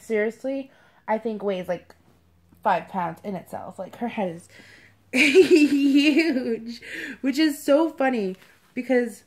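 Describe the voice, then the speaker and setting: A young woman filming a casual unboxing vlog at home, gushing and cooing in a high baby-talk voice. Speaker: vlogger.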